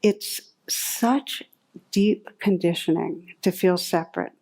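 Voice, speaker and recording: A woman meditation teacher gives a talk to a live audience, telling anecdotes and reflecting aloud in warm storytelling that turns lively when she recounts them. Her voice is on the low side and her pace slow.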